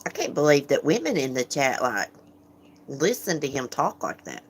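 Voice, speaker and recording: A woman with a low, sing-song voice hosts a casual livestream at a moderate pace, with a little hiss or hum in the audio. She's frank and chatty, laughs often, and greets viewers by name as she reads their comments.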